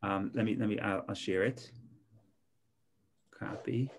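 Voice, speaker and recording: A man's voice: on the low side, steady tone, a little slow, vocal fry. A man, a rabbi, teaching an informal online Torah class in a conversational way, often repeating and restarting his words.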